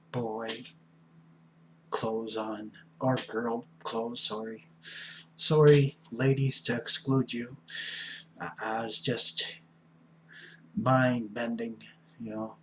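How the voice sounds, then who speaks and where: A man in his fifties, an addiction counselor, records a casual vlog in a rooming house room at night. He's playful and theatrical, dropping into whispers and spelling words out, speaking in a medium pitch, extremely slowly, with frequent pauses, slight background noise and rough recording quality.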